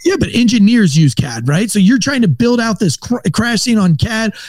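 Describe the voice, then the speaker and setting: High-pitched man, ex-cop, swears a lot, animated storyteller, dry close mic. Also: normal speed, dry recording. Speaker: former police officer. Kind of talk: casual podcast storytelling.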